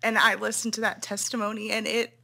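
A woman's voice: mid-range voice, little pitch movement, brisk, gravelly, bright, forceful tone. A young adult woman speaking earnestly in a casual chat, moved and restarting her sentences often. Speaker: interviewer.

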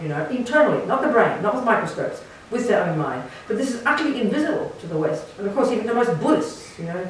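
Outspoken nun lecturing a retreat group, punchy and wry, captured from across a reverberant hall with faint hiss. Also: female voice, medium pitch. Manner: blunt, emphatic, sarcastic asides. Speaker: Buddhist nun teaching a retreat. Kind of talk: dharma talk to a retreat group. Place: meditation centre hall. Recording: echoey room from far off, faint hiss.

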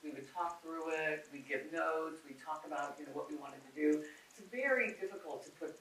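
A woman film producer telling a personal story on a conference panel, candid and animated, quoting others as she goes. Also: deep voice, a little fast. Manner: candid, animated, quotes others in her retelling. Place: conference auditorium. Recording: echoey hall, far from the mic, faint noise.

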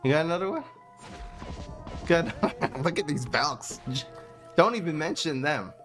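A man streaming a card game live, commenting excitedly with frequent laughs and joking at his own mistakes while talking to his chat. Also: a little high, measured pace, faint music behind. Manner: excitable, laughing, self-mocking, talks to chat.

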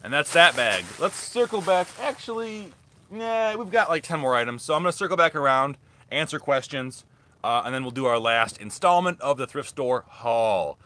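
A man's voice: a little high, animated, normal speed, sharp tone. A young man rambling casually through a live thrift haul as a reselling vlogger. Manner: rambling, chatty, restarts often.

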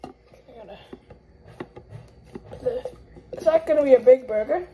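A woman's voice: high-pitched, measured pace, mellow, a little hiss or hum, poor audio. A woman with the hiccups giving a rambling, chatty cooking tutorial in a home kitchen. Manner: rambling, chatty, self-correcting. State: has the hiccups. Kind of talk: casual cooking tutorial chat.

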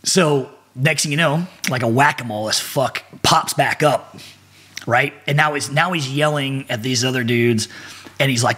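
Husky man spinning a rowdy war story. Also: medium pitch, moderate pace. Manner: profane, animated, laughing often. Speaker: podcast guest. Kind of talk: casual storytelling.

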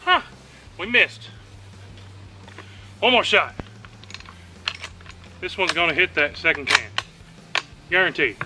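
This shooting channel host speaks slowly in a voice on the high side, pausing often as he narrates his range shots in a casual outdoor vlog. The recording is very noisy, and his easygoing commentary is occasionally breathless.

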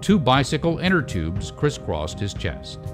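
A man reading scripted documentary narration in a measured storytelling delivery. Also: medium pitch, big pitch swings, music in the background.

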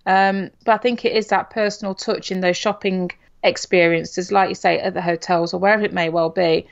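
A woman's voice: on the low side, steady tone, brisk, vocal fry. Woman, middle-aged, Nottingham English accent, podcast co-host, casual chat, tag questions, dull lo-fi sound. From England. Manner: chatty, uses "you know" and tag questions.

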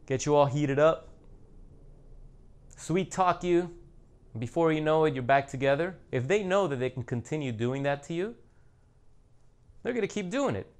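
A man's voice: fairly high pitch, clean tone. A man hosting his own channel, talking straight to viewers in a casual monologue, blunt and emphatic, repeating his points for stress. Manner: speaks directly to the audience. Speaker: channel host.

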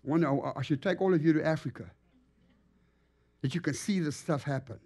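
A man preaching in a church as a guest evangelist, telling stories with lively, acted-out animation. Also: fairly high pitch, moderate pace. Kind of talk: storytelling sermon. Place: church sanctuary.

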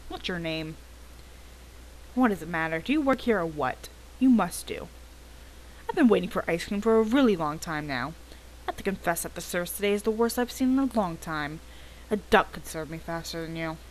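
A woman's voice: lowish voice, a little hiss or hum, natural voice, poor audio. A woman voicing a rude, impatient male customer who complains and bosses people around. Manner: bossy, complaining, suspicious. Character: rude impatient man demanding ice cream.

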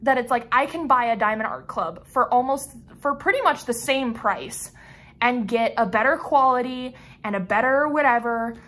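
Bright-voiced frustrated woman vlogger. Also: a little high, normal speed. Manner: frustrated, sighing, rambling with restarts. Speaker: crafting vlogger. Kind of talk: casual unboxing vlog.

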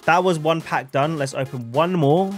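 A young man commentating on his own video game as a streamer, with bursts of shouting hype and quiet muttered asides. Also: on the high side, moderate pace, faint music behind. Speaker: gaming streamer.

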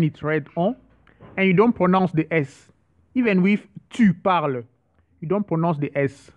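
A man giving an online French lesson, speaking slowly and repeating each word, with some hesitant restarts. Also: fairly high pitch, narrow, tinny audio. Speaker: French teacher.

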